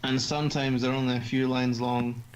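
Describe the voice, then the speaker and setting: A Scottish man voicing a snarky teenage girl club president in a game, teasing and trading crude, deadpan insults. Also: mid-range voice, normal speed, a little hiss or hum, close to an everyday voice, low-quality recording. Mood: mocking.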